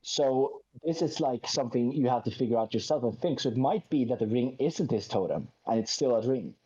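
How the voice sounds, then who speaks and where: Man, casual chat, insistent, step-by-step explaining, mellow voice, muffled lo-fi sound. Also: medium pitch, lively intonation, brisk. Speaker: co-host. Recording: dull lo-fi mic.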